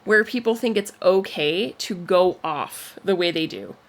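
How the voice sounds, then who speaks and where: A woman co-hosting a parenting podcast, telling a story in an animated, casual way. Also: unhurried. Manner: animated storyteller with frequent pitch swings. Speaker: podcast co-host. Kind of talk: casual chat.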